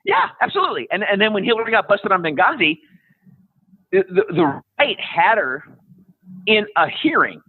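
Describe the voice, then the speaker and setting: A man in his fifties, a podcast guest, ranting bluntly in casual conversation, profane and sarcastic, often mocking people in high-pitched put-on voices. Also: huge pitch swings, normal speed, husky, no room sound. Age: 50s. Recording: tinny phone-like line.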